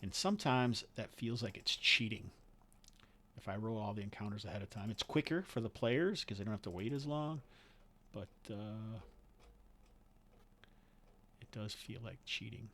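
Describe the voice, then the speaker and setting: A man narrating as game master of a tabletop game, thinking aloud with frequent pauses and fillers. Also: lowish voice, lively intonation, sharp tone.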